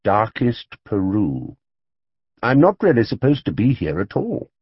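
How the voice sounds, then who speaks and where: A man's voice: lowish voice, huge pitch swings, measured pace, slightly rough, no echo, exaggerated voice. A man voicing a small, earnest, well-mannered young male bear in an audiobook, sounding proud and polite. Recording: dull, dry studio audiobook read.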